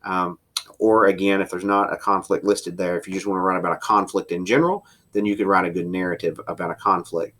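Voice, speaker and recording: A man teaching a writing class in a recorded lecture, explaining step by step, slowing down for emphasis and sometimes pausing on fillers. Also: sits low, steady tone, fairly bright tone. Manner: explanatory, varies pace for emphasis, occasional fillers.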